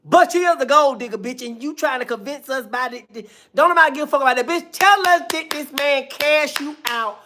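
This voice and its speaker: A woman's voice: high-pitched, fairly quick, hardly any pauses, sharp tone. A woman giving casual reaction commentary, blunt and profane, ranting at length.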